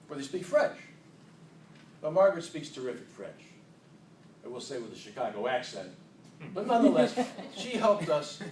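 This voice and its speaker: A man giving a humorous contest speech to an audience in a hall, playful and self-mocking, with unhurried comic timing. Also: mid-range voice, a little hiss or hum. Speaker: contest speaker. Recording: echoey hall, distant mic.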